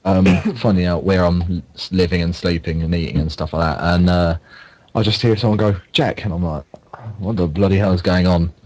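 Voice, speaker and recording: A man's voice: sits low, steady tone, brisk, a little mellow. A young man, a podcast co-host, telling stories in a rambling casual way with many fillers and restarts. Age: young adult. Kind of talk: casual chat.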